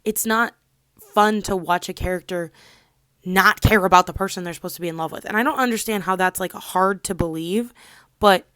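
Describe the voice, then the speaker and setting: A young woman at home ranting casually to her camera, chatty and animated, often dropping to a whisper for side comments. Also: on the low side, normal speed, smooth, dry recording. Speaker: vlogger.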